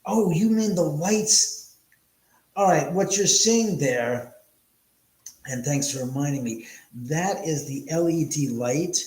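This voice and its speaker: A man chats loosely with his livestream viewers, rambling and trading crude jokes. His voice sits at an ordinary middle pitch. He talks in an echoey room in a house. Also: darkish tone. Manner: rambling, joking, crude banter. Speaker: livestream host. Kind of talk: casual livestream chat with viewers.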